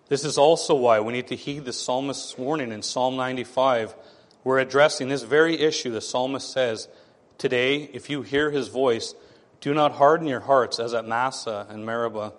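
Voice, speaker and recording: Man preaching in a reverberant hall. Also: mid-range voice. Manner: animated preaching, acting out sarcastic voices of others. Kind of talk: sermon.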